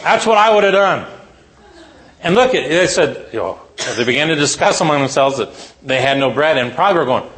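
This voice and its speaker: Animated man preaching a sermon. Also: on the high side, a little fast. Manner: animated storytelling with rhetorical questions. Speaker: preacher addressing teachers.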